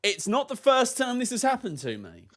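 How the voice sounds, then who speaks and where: A man's voice: very high-pitched, huge pitch swings, moderate pace, pitched above the performer's own voice, full character voice. A man playing a pompous, flirtatious male bard who speaks in grand, flowery phrases. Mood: grandiose.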